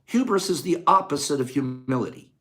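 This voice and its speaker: An older man hosting a casual talk on a quote, moving between quiet musing and loud rhetorical outbursts in a folksy way. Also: on the high side, lively intonation, fairly quick. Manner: folksy, says gosh darn and dude. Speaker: host.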